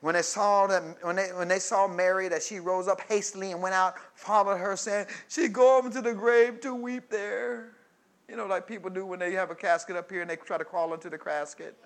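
A man preaching a sermon, reading scripture and breaking into loud call-and-response asides. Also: sits high, little pitch movement, fast, few pauses.

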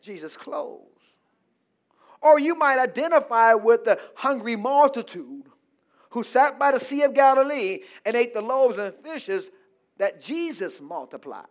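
A man preaching a call-and-response sermon as pastor, calling for amens, prompting the congregation to fill in words and building to shouts. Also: very high voice, animated, a little slow. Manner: preaching with calls of "say amen, somebody" and rising shouts. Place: church.

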